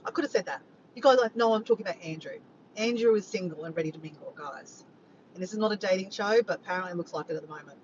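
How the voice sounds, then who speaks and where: An Australian woman hosting a casual livestream, chatting and joking with viewers and reading out their messages. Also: rapid-fire. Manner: chatty, joking, reads chat messages aloud. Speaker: livestream host. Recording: dull lo-fi sound with faint rumble.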